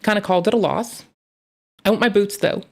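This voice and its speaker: A live streamer with a brisk, gravelly, mid-range voice chats casually while reacting to a video. The talk is rambling and playful, full of jokes and free swearing.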